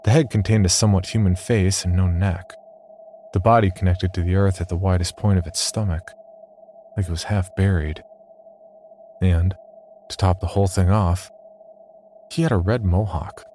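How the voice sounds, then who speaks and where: A man narrating a first-person horror story in a wry, deadpan way. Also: low voice, moderate pace, pauses often, slight background noise.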